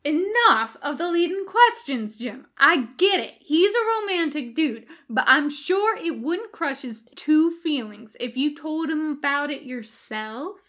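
A gruff, dry-talking male doctor, read aloud by a woman in a fan fiction audiobook. He sounds exasperated and grudging, with a high voice and an unhurried pace. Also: expressive, a bit bright. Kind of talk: podfic fan fiction reading.

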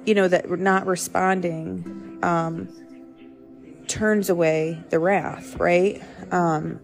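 A low-pitched young woman talks in a loose, conversational devotional style, circling back and fixing her words as she goes. Soft music plays faintly underneath her voice. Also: steady tone, takes it slowly, vocal fry. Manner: rambling, self-correcting, conversational. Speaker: podcast host. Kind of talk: casual devotional talk.

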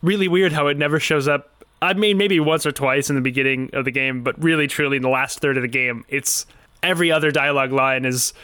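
A man's voice: medium pitch, fairly quick, clean tone, no room sound, studio quality. A man co-hosting a podcast, joking and telling stories in casual chat about a video game. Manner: joking, animated storytelling. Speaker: podcast co-host.

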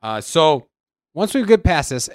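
A male podcast co-host chats about markets in a loose, slangy manner. His voice is smooth and resonant. It sits dry and close to the mic. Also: a little high, very animated, measured pace, no room sound. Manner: loose, laid-back, slangy. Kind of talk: casual market chat.

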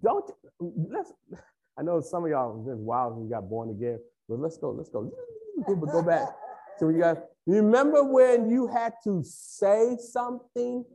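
Animated high-voiced preaching man. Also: measured pace. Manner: emphatic preaching with repetition. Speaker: pastor. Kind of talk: sermon.

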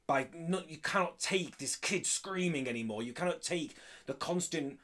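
A man co-hosting a casual film-review podcast, talking in an animated, enthusiastic way and swearing freely. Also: fairly high pitch, normal speed. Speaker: podcast co-host.

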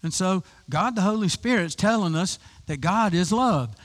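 A man's voice: high-pitched, animated, normal speed. A man preaching a conversational sermon, with frequent restarts and rhetorical questions. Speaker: pastor.

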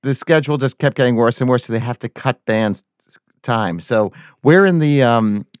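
Animated storytelling man, dry sound. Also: medium pitch, moderate pace, no echo. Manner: animated storyteller, acts out quoted voices, laughs often. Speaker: band member guest. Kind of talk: casual anecdote telling.

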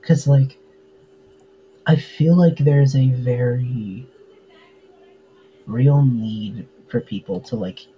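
A man's voice: mid-range voice, extremely slow, long pauses, muffled recording, slight background noise. A man chatting casually as a podcast guest, full of fillers and easy laughs. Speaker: podcast guest, tabletop game player. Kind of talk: casual interview chat.

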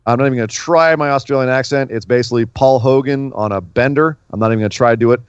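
A man's voice: mid-range voice, racing, clean tone, no echo. Chatty man, dull dry recording. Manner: chatty, repeats words when starting. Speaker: podcast co-host. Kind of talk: casual wrestling talk.

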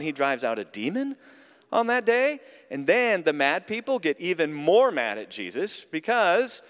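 A man preaching a sermon as pastor, telling a story in an animated, conversational way. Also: on the high side, normal speed. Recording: long hall reverb.

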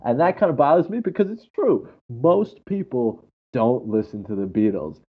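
A man chatting casually and telling animated, laughing stories. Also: medium pitch, moderate pace, husky. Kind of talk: casual chat. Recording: dull lo-fi audio.

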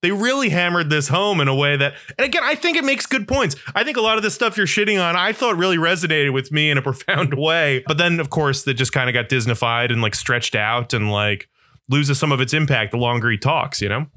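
Man, podcast co-host, casual chat, argumentative, bright voice. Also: fairly high pitch, lively intonation, brisk.

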